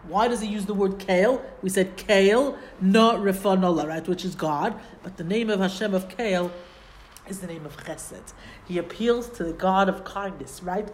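A woman's voice: medium pitch, slight background noise. A woman giving a Torah lesson, explaining Hebrew phrases and asking rhetorical questions. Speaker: Torah teacher. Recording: roomy echo.

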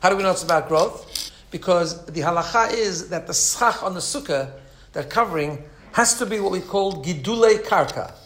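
A man teaching a religious lesson, telling a story with an animated manner and frequent asides. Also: high voice, moderate pace, slight background noise.

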